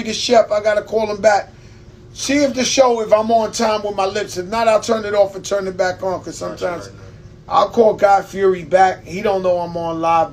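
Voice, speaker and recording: High-voiced man telling stories casually. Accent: New York. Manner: loose storytelling with profanity and laughs. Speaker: host. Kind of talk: casual live-stream talk.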